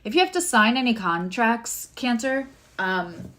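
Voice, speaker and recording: A woman's voice: fairly high pitch, very animated, unhurried, fairly bright tone. A woman giving a casual live tarot and astrology reading, chatty and rambling with many fillers and asides.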